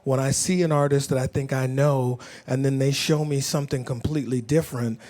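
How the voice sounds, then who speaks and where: A man's voice: medium pitch, steady tone, fairly quick, a little mellow. A man chatting playfully in an interview, teasing and laughing with his castmates. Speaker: actor. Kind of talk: casual interview chat.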